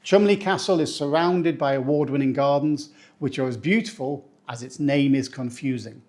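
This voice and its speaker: A man from England, a teacher giving a playful pronunciation lesson who slows down to say each word. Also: mid-range voice, a little mellow. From northeast England. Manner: playful, slows down to spell out words. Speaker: English teacher.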